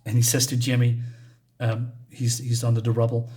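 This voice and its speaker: A man's voice: medium pitch, monotone, moderate pace, mellow. Rambling man with a voice. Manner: rambling, many fillers, chuckles while summarizing. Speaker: comic book reviewer. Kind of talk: casual comic review vlog.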